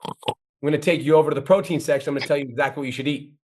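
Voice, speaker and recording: A man coaching a guest with blunt, profane, rapid-fire critique. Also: fairly high pitch, steady tone, a little mellow, husky.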